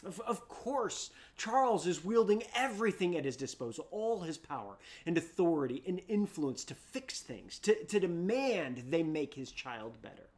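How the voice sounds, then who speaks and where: A preacher telling a story in a sermon, repeating words as they restart sentences and swinging from loud bursts down to hushed whispers. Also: medium pitch, big pitch swings, normal speed, hardly any pauses. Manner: frequent repeated word restarts.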